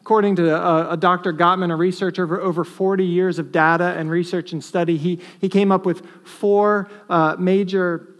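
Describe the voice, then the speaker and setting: Male pastor, high-pitched, earnest sermon delivery with emphatic stresses. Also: little pitch movement, moderate pace. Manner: earnest, rises to emphatic stresses then drops to quiet asides.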